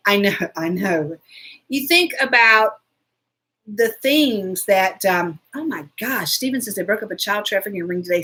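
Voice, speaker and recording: A woman hosting a casual live chat, telling a story in a chatty, animated way and answering viewers. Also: medium pitch, breathy edge. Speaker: show host.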